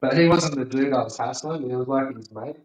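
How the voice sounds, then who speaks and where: A man's voice: mid-range voice, a little fast, low-quality recording. A man telling a rambling, swear-filled story in casual chat, with lots of fillers.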